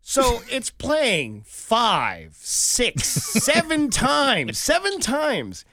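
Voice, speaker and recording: A man's voice: extremely high pitch, extremely slow, creaky, no echo, clean studio sound. A man casually telling a funny workplace story, acting out what people said. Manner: animated storyteller, acts out quotes, sings a snippet.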